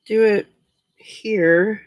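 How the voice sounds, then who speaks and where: Slow-talking, yawning woman streamer. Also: mid-range voice, no echo. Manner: relaxed, chatty, talks to viewers by name. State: tired, yawning. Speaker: livestream host. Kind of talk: casual late-night crafting livestream chat.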